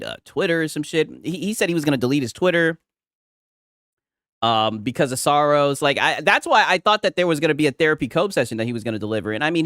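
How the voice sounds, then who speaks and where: A man streaming gaming reactions in casual, excitable commentary, swearing often and laughing a lot. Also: on the high side, dry recording, clean studio sound.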